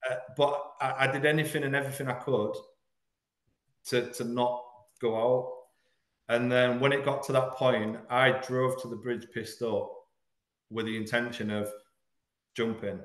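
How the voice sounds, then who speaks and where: A podcast guest from Hull, England, tells a hard personal story in an interview, frank and earnest. His middle-pitched voice keeps a fairly even intonation, halting and stumbling over the most painful parts, though he presses on. The room lends a roomy echo.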